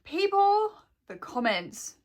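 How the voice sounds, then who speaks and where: A woman's voice: very high voice, very animated, slow. A woman venting to camera in a rambling, upset way, full of fillers and swearing. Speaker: vlogger. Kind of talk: casual emotional vent to camera.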